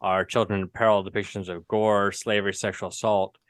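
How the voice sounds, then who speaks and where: A man's voice: fairly low pitch, flat delivery, brisk, no echo. Rambling man hosting a tabletop game. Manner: rambling, filler-heavy, self-correcting. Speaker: game master and host. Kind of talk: casual chat opening a live tabletop show. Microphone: video call.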